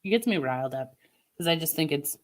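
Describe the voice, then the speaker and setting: A woman's voice: low voice, animated, a little fast. A woman livestreamer in casual chat with her viewers, venting opinions in a chatty way. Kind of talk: casual live-stream chat.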